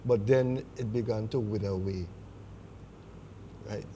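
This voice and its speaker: Male sports host, mellow voice, attentive interviewer. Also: fairly low pitch, measured pace, slight background noise. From Trinidad and Tobago. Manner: attentive, frequent short affirmations. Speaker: show host. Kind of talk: interviewing a guest.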